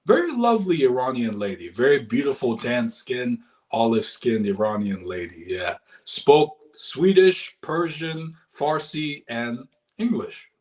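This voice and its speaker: An American man talks through his travel stories in a loose, casual way and often stretches his pitch high when he mimics people. His voice sits at an ordinary middle height. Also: a little slow, few pauses. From United States. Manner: animated, acts out quoted people in a high voice. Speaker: guest telling travel stories. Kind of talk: casual storytelling chat.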